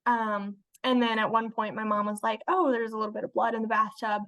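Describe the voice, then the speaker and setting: A woman's voice: a little high, fairly even intonation, brisk, fairly bright tone. A young woman telling a personal story as a guest in casual conversation, with many fillers. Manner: chatty, many fillers, laughs while telling. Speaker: interview guest.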